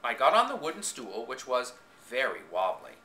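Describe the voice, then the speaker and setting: A man's voice: medium pitch, wildly swooping pitch, normal speed, bright, forceful tone. A man reading a story aloud in the first person with dramatic expression, recorded on a home camcorder in an echoey room. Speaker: reader.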